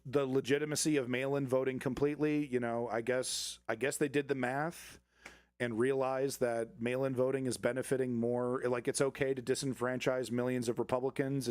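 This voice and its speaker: A man's voice: mid-range voice, a little mellow, no echo. A man hosting a live political commentary show, talking casually and sarcastically, rambling with restarts and frequent laughs.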